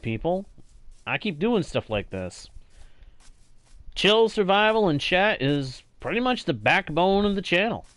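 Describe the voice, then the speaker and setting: A man's voice: a little high, a bit bright, no echo. A man with a slightly nasal voice, chatting casually with viewers while live-streaming a game, thanking them often and laughing easily.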